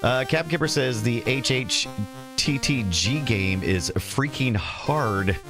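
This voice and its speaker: A man's voice: mid-range voice, expressive, slow, over music. A man hosting a casual retro computer livestream, rambling and correcting himself as he reads the chat. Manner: rambling, self-correcting, reads chat and game text aloud.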